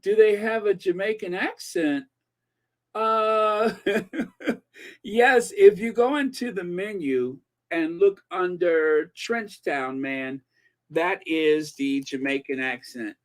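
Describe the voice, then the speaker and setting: A man hosting a commentary channel in casual chat, laughing and repeating himself as he rambles. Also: high-pitched. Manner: chatty, slow, laughs between words, repeats himself.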